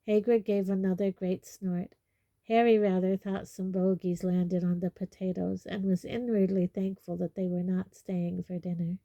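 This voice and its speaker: A woman narrating a storybook chapter in a measured, expressive reading. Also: fairly low pitch, no room sound, muffled recording. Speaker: audiobook reader.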